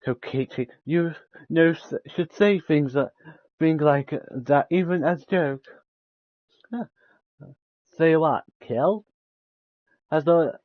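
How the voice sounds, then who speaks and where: A man's voice: on the high side, no echo, dull audio. Man stumbling through game dialogue aloud. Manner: stumbling over words, often restarting lines; laughs between lines. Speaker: game streamer.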